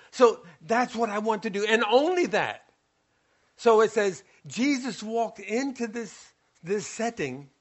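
A man's voice: high-pitched, unhurried. A male preacher giving a sermon, retelling a scripture story and acting out its scenes. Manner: storytelling, acts out scenes, animated.

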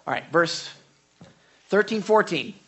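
A man with a fairly high voice preaching a Bible sermon. His delivery is casual and talky, with sudden lively bursts when he acts out what someone might say. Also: measured pace. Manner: conversational, animated when acting out quotes. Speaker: pastor.

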